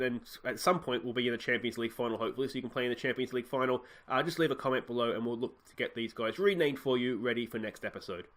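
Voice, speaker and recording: A man with an Australian accent talks through his game in a loose, chatty way. He gets excitable and pokes fun at himself, and his voice sits at a middling pitch. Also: quick pace, hardly any pauses. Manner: chatty, self-mocking, excitable. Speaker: gaming channel host. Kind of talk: let's play commentary.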